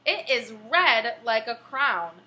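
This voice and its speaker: A woman's voice: a little high, takes it slowly, heavily acted. A woman voicing an eager young girl while reading a storybook aloud. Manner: expressive read-aloud voice.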